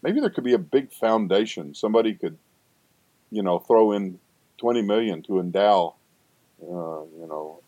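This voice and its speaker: A man's voice: lowish voice, expressive, moderate pace, mellow, no echo, highs cut off. An older man, a seminary professor, talking in a rambling conversational interview with frequent restarts and asides.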